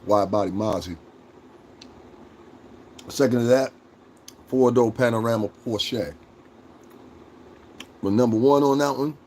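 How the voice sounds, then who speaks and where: A man livestreaming casual chat with his viewers, joking, swearing and laughing often as he rambles and acts out quick bits. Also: fairly low pitch, darkish tone, a little hiss or hum. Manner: talks straight to chat, rambling with restarts.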